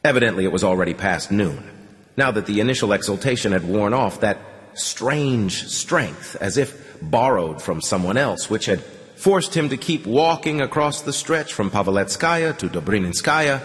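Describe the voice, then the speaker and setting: A man narrating an audiobook with a dramatic, expressive reading. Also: lowish voice, moderate pace, long reverb tail. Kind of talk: scripted narration.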